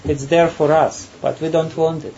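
Laughing, halting man giving a spiritual talk. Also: on the high side, level tone, creaky, a little mellow. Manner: halting, repeats words, laughs often. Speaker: spiritual teacher. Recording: dull, faint background noise.

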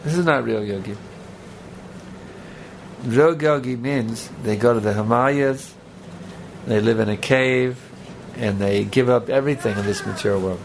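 Male speaker, gravelly, mid pitch, casual joking sermon style, faint hiss behind. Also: unhurried. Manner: conversational, rambling, joking asides. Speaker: spiritual teacher. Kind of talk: sermon with audience banter.

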